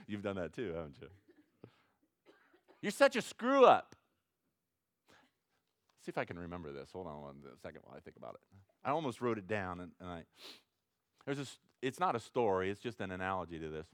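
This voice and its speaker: A man preaching a sermon as pastor, acting out prayers and little dialogues, swinging from loud to hushed. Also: low-pitched, animated, quick pace, no echo. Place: church sanctuary with congregation.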